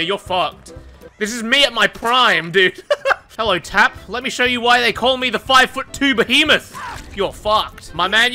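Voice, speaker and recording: A man riffs over his gameplay with a lively voice that leaps up and down in pitch. His tone is bright and cutting, full of laughter and playful swearing. Faint music runs behind him. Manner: playful trash talk, frequent swearing and laughter. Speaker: gaming streamer. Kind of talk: gameplay commentary.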